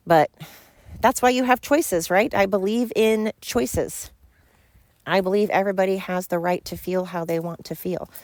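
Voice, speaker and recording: A woman's voice: medium pitch, normal speed, a little mellow, no echo. A woman hosting a podcast, ranting bluntly and fired up, swearing freely. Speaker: podcast host. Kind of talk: opinionated podcast rant.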